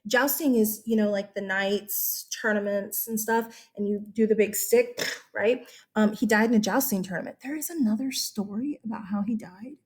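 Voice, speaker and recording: A woman's voice: medium pitch, normal speed, a little mellow. A woman history teacher giving a casual, chatty lecture, correcting herself and asking her students questions.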